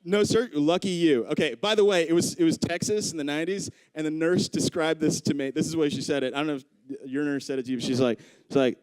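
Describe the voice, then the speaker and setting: A man in his thirties doing live stand-up storytelling on a club stage into a handheld mic, acting out the people he quotes with big jumps in pitch. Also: fast talker, few pauses, darkish tone, clean tone, dry recording. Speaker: stand-up comedian.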